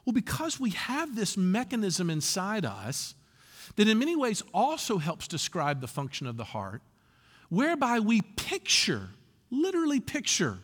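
A male pastor delivers a sermon in a church sanctuary, slipping into acted quotes as he tells stories. His voice sits slightly high and rises and falls with lively swings of pitch. A long hall reverb trails behind every phrase. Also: moderate pace. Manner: animated storytelling with acted quotes.

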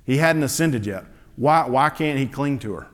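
A man preaching a relaxed, conversational sermon at a middle pitch, full of rhetorical questions and filler words. His voice carries a long reverb, as if recorded in a large hall. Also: moderate pace. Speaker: pastor.

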